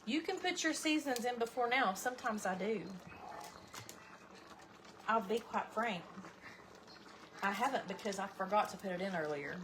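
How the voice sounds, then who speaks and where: A woman's voice: medium pitch, animated, normal speed, pauses often, fairly bright tone. A middle-aged woman, chatting folksily to viewers while cooking in her home kitchen. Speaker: cooking vlogger. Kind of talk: casual cooking livestream chat. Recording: audible background noise.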